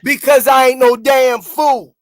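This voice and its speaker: A man with a Baltimore accent co-hosting a podcast, arguing loudly and sarcastically, often shouting and mocking. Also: extremely high pitch, steady tone, measured pace, no room sound, studio quality. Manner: loud, sarcastic, shouts and mocks. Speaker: podcast co-host. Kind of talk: heated casual debate.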